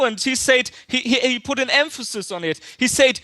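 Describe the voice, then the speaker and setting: Guy calling in, high sharp voice, keeps stumbling over his words. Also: moderate pace, hardly any pauses, no echo. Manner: stammering, repeats words. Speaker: caller. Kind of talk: call-in chat.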